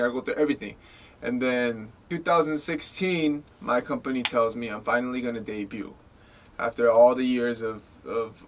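A man in his twenties from the United States, a guest telling stories in a casual interview, acting out quoted lines with lots of "like" and "you know". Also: mid-range voice. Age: 20s. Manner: animated storyteller, acts out quoted lines.

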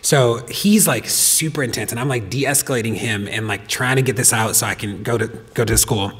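A man telling a personal story to a host on stage, animated, laughing often and talking with lots of fillers. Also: medium pitch, moderate pace, slightly rough. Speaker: podcast guest. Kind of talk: storytelling in a live talk. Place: stage of a performance venue. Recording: long reverb of a hall.

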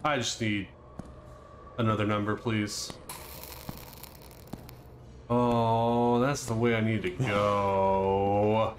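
A man playing a horror game and commenting on it with jokes, breaking into panicky yelps and shouts when something startles him. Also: on the low side, level tone, drawn-out words, pauses often, slight background noise. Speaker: let's play gamer.

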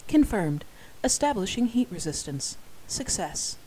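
A terse artificial announcer, stating each skill in flat, clipped words, put on by a reader. The voice sits at a middling pitch in a fan-read story. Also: unhurried, a little hiss or hum, rough recording.

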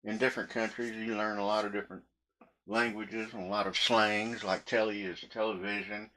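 A man's voice: on the low side, little pitch movement, normal speed, bright, forceful tone. A man telling meandering stories while he cooks in his kitchen, chuckling often between sentences. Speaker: cooking vlogger. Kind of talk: rambling story told while cooking.

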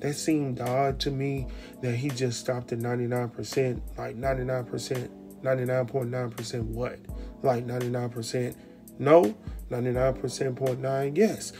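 A man's voice: mid-range voice, fairly even intonation, moderate pace, music in the background. A man hosting a casual TV episode recap, telling it in a loose, slangy way and retelling scenes as dialogue.

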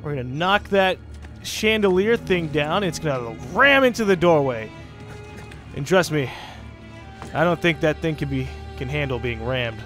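A young man casually commenting on his gameplay as a let's play host, chatty and sarcastic with excitable outbursts. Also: on the high side, measured pace, faint music behind.

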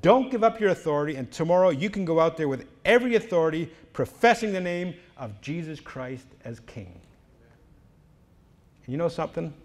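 A middle-aged man giving a conference lecture in a preaching style, emphatic, swinging from loud declarations to low, quiet lines and acting out quoted exchanges. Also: brisk. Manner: lively, acts out quoted exchanges. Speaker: conference speaker. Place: conference hall.

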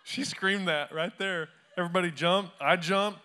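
Man, pastor, sermon, bright forceful voice, chatty storytelling, live church crowd. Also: sits high, moderate pace, a little hiss or hum. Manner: conversational storytelling with humor. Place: church before a live congregation.

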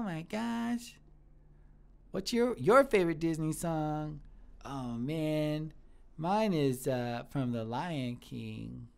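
A man playing Pickles, a slow gravelly sweet cook. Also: on the high side, full character voice. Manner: earnest, easily flattered, rambling. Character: sweet shy male restaurant cook, 34. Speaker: character on a live stream. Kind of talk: improvised live-stream character comedy.

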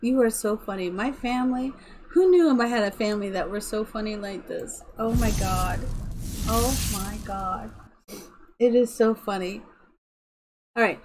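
A woman's voice: mid-range voice, a little slow, darkish tone, slight background noise, low-quality recording. A woman streaming a game live, chatting casually and laughing through her words. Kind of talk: casual live-stream chat while gaming.

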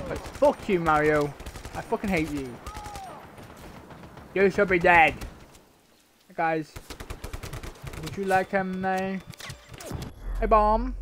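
A man's voice: high-pitched, takes it slowly, pauses often, a bit bright, a little hiss or hum. A man streaming a game live, swearing constantly and grumbling in frustration as he plays. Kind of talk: live gameplay commentary.

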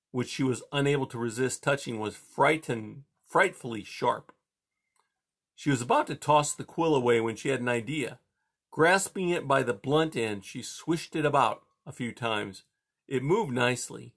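A man calmly reading a children's novel aloud, chapter by chapter. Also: mid-range voice, gravelly. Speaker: audiobook reader.

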